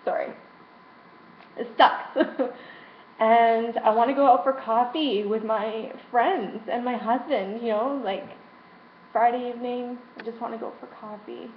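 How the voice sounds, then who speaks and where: This vlogger is a young adult woman whose slightly high voice stays fairly even and moves a little slowly. She talks openly about what frustrates her, emotional and cursing without restraint, in a roomy, dull lo-fi recording carrying faint hiss.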